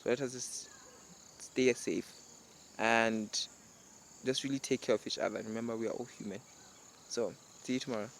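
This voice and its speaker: A man's voice: medium pitch, moderate pace, gravelly, pauses often, slight background noise. A man hosting a daily show, telling a fairy tale casually and then reflecting on it, rambling and correcting himself. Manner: relaxed, rambling, self-correcting. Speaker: host.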